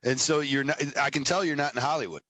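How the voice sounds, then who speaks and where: Male podcast host, teasing banter, bright edge, dry close sound. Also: medium pitch, quick pace, no echo. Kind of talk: casual podcast chat.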